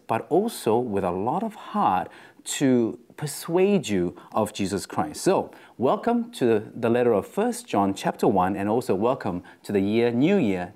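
A man's voice: mid-range voice, darkish tone. A man with an Australian accent giving a chatty, informal devotional talk as its host.

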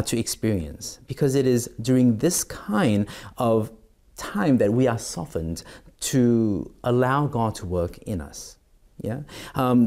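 A man's voice: fairly low pitch, darkish tone. A middle-aged man as pastor, giving a devotional sermon and reading scripture aloud, with many fillers and restarts.

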